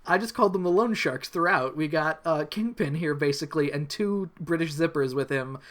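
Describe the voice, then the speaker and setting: A man's voice: a little high, normal speed, a bit bright. Man, podcast co-host, casual cartoon recap, wry, jokey, rambling.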